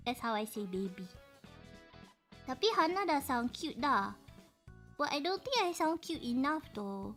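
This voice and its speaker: High, bright-voiced Malaysian woman streamer. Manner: playful, switching between Malay and English, frequent laughter. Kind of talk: casual livestream chat.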